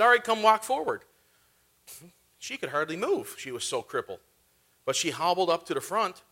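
A young man preaching a sermon, telling healing stories in a lively, animated way and acting out his own reactions. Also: a little high.

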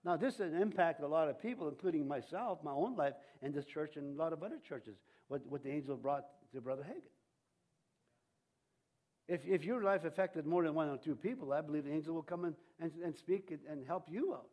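A male pastor delivering a sermon in a rambling, halting style, often restarting his sentences. His voice sits a little on the high side. He chuckles now and then between points. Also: animated, darkish tone.

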